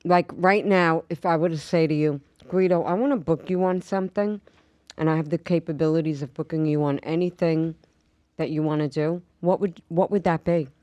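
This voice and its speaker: A woman's voice: sits low, fairly even intonation, normal speed, dark tone, no room sound. A woman co-hosting a podcast, teasing and quizzing her guest in casual studio chat. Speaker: podcast co-host.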